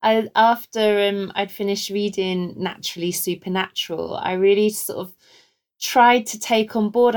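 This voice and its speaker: A woman co-hosting a podcast who speaks in a relaxed, reflective way, thinking aloud. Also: medium pitch, normal speed. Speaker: podcast co-host. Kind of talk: casual chat.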